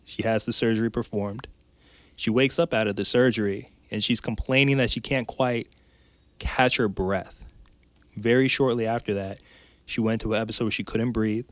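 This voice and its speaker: A man speaking as a podcast guest and life coach, telling a personal story in a candid, emotional way, with quick restarts. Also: lowish voice, steady tone, dry recording.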